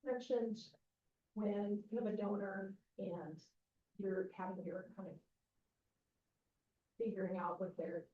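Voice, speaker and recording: A woman's voice: medium pitch, steady tone, slow, long pauses, slight background noise. Woman asking from the audience, far off. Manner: asks questions with hesitant phrasing. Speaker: audience member asking a question. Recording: distant, echoey, dull room sound.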